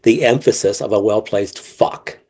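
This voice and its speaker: A man's voice: lowish voice, steady tone, normal speed, dark tone, slightly rough. A man guesting on a podcast, talking casually with many restarts and frequent laughter, joking and swearing freely. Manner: profane and joking. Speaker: guest author.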